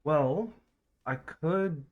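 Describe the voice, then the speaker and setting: A man streaming a game live, muttering to himself and swearing in frustration, his throat scratchy and often cleared. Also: a little high, expressive, drawn-out words, narrow, tinny audio. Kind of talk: live gaming stream commentary.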